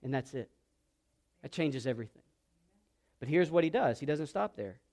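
A man's voice: medium pitch, lively intonation, moderate pace, darkish tone. A male pastor preaching a sermon, reading scripture and asking the congregation questions to fill in. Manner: preaching with rising emphasis and call-and-response questions.

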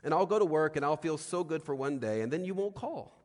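A man's voice: on the high side, lively intonation, quick pace, pitched above the performer's own voice, lightly acted. A man voicing an insecure young woman who rambles anxiously about being rejected, heard in a reverberant hall.

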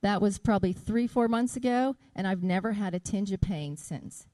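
A middle-aged woman giving an earnest testimony about her healing, reading scripture slowly and deliberately. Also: medium pitch, warm tone, no room sound. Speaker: church member giving a testimony.

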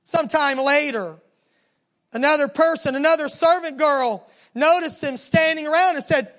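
Southern-accented preacher with a high voice. Storytelling sermon, dramatic, slow and low on the key lines. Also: a bit bright. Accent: Southern American. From Southern United States. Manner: dramatic storytelling, slowing down and dropping low for emphasis.

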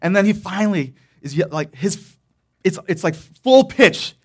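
Man preacher, rambling storytelling sermon, laughing asides, fairly high voice. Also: lively intonation, measured pace, a little mellow, husky. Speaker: pastor.

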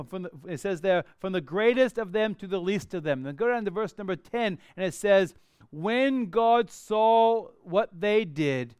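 A male pastor delivers a sermon in a high, ringing voice that stays smooth and clear. He reads scripture with emphatic rises and lively bursts. The sound is dry and close, with no room echo. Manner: expressive preaching, rising to emphatic bursts when reading scripture.

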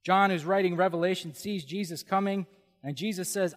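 A middle-aged male pastor preaching with lively humor and frequent exclamations of awe. His voice sits a little higher than most men's and rings with the long reverb of a big hall. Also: fairly quick. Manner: animated, humorous, exclaims "whoa". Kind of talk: sermon.

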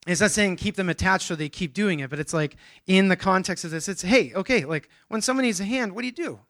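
A man with a somewhat high voice delivers a sermon in a loose, conversational manner. He restarts sentences and throws in self-deprecating asides as he preaches. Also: a little fast, fairly bright tone. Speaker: pastor.

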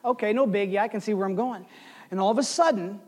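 High-voiced preacher man in a big echoing hall. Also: fast talker. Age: 40s. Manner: storytelling with lively swings between loud and hushed. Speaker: pastor. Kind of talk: sermon.

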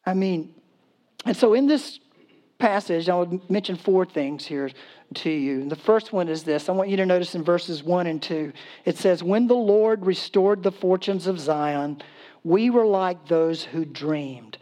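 A man's voice: high-pitched, a little slow. A man preaching a sermon in a casual, humorous storytelling way, acting out voices and laughing as he goes. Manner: acts out voices in quotes, animated. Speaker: pastor.

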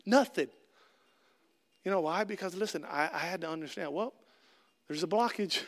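A man's voice: high-pitched, normal speed, pauses often. A middle-aged man preaching a conversational sermon, asking the congregation questions and acting out little scenes with jokes. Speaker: pastor.

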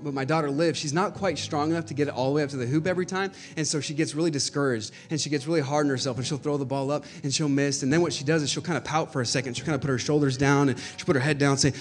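A male pastor preaching a sermon, moving from quiet teaching to loud, urgent exhortation and calling out "hey" to the congregation. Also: sits high.

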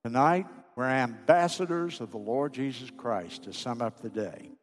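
A pastor preaching a sermon to his congregation, pleading with fervor, then dropping to a hushed voice. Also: mid-range voice, moderate pace. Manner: impassioned, pleading preacher who drops to a hushed voice. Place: church sanctuary. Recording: long hall reverb.

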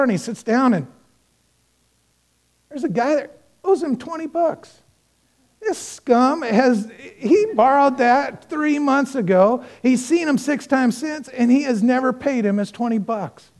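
A male pastor preaching a sermon, telling a parable with acted-out dialogue and speaking earnestly and directly to the congregation. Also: very high-pitched. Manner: storytelling with acted-out dialogue, swinging between loud and hushed.

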